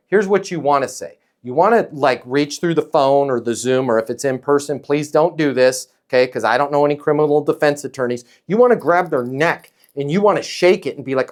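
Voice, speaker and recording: A man coaching a caller on sales, emphatic and animated, acting out bits of dialogue as he advises. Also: a little high, brisk, few pauses.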